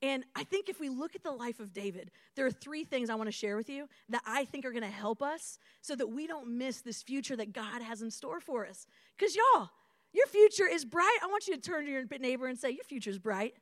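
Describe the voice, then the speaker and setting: High-voiced woman preaching a lively sermon. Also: a little fast, no echo, clean studio sound. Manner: conversational and animated, with call-and-response to the room. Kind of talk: sermon to young adults.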